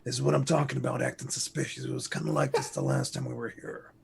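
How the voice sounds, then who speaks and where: A man doing a deep, gravelly starship captain. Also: level tone, quick pace, heavily acted. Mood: commanding. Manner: grave, commanding.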